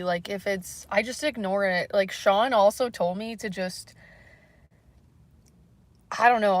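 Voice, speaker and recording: A woman's voice: medium pitch, no echo. Hesitant woman rambling on a livestream. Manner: hesitant, rambling, many fillers; soft, unsure, apologetic. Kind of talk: casual livestream chat.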